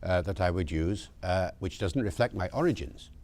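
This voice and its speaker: Older man, posh British accent, lively pitch, explaining like a lecturer. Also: moderate pace. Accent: posh British English. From Wales. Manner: lively lecturing, shifts into other accents to demonstrate. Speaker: linguist being interviewed. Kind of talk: explanatory interview talk.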